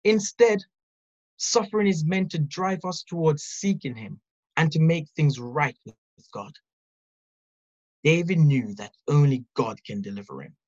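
A speaker giving an earnest, measured devotional Bible teaching, reading scripture and reflecting on it. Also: medium pitch, animated, darkish tone, lo-fi sound. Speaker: preacher.

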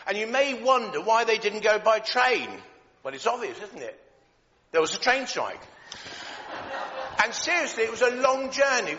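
Animated man in an echoey hall. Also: high-pitched, a little hiss or hum. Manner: jokey, lively, many filler pauses. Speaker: church leader giving a children's talk. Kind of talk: playful Christmas children's talk. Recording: echoey hall, dull lo-fi sound.

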